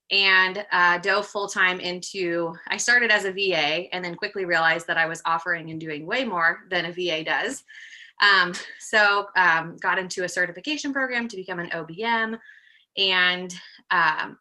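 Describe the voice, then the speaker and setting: Low-ish very bright woman on a zoom call, 30s, kinda out of breath, chatty with lots of ums. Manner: chatty, upbeat, frequent ums and laughs. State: slightly out of breath from pregnancy. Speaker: guest presenter, project manager. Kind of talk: casual webinar presentation. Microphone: computer mic on a video call.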